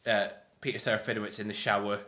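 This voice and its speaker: Bright-voiced chuckling man. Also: lowish voice, flat delivery, fast talker. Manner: enthusiastic, chuckling, acts out quoted lines. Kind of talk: casual film chat.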